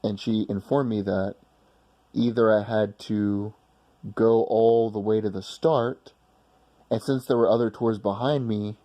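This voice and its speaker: A man's voice: fairly low pitch, steady tone, measured pace, mellow, muffled recording. A man casually telling a personal story in a rambling, blunt way with some swearing.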